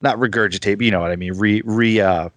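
An easygoing man talks as a podcast guest, his voice sitting a little low. He is chatty and laughs at himself often. The sound is dry and close, with no room around it. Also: fairly even intonation, fast talker, a bit bright, dry recording. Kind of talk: casual podcast chat.

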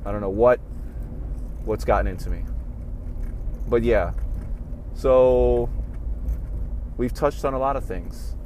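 A man hosting a podcast, ranting casually with lots of swearing, swinging from low mumbled asides to loud heated outbursts. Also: slow, pauses often, a little hiss or hum. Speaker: podcast host. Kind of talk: casual rant monologue.

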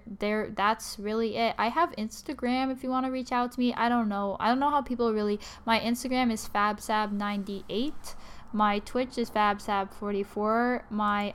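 A woman's voice: mid-range voice, steady tone, slight background noise. A tired young woman hosting a casual solo podcast, rambling with many fillers and restarts, apologizing and laughing at herself. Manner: rambling, lots of likes and restarts, quick to apologize. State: sleepy and tired. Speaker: podcast host.

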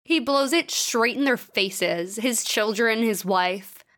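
A woman co-hosting a podcast in casual chat, talking quickly and laughing often. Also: on the high side, fairly bright tone. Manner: quick, giggly, frequent laughs. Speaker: podcast co-host.

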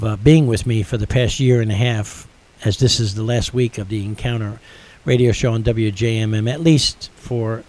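A man's voice: medium pitch, a little mellow, rough recording. A middle-aged man hosting a radio show, earnestly telling a personal faith story with building intensity.

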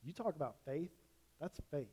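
A man's voice: fairly high pitch, lively intonation, moderate pace, warm tone, slightly rough. Man preaching in a reverberant church. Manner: conversational preaching with restarts and self-corrections. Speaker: pastor. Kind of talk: sermon. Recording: long church-hall reverb.

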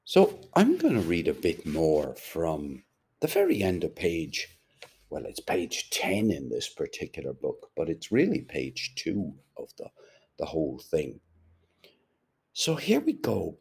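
A man's voice: sits low, huge pitch swings, measured pace, creaky, darkish tone, husky. A man reading a novel aloud and stopping to explain it in chatty asides. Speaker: audiobook reader and podcaster.

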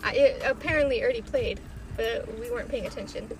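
A woman's voice: on the high side, quick pace, background noise. A young woman chatting casually in a car, swearing freely and laughing often. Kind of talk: casual chat.

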